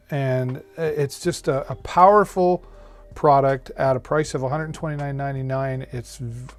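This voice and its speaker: Casual male streamer at his home setup, chatty and folksy, pitching deals over soft background music. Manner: chatty, folksy, many fillers and restarts. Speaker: live-stream host reviewing deals. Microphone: studio microphone on a mixer.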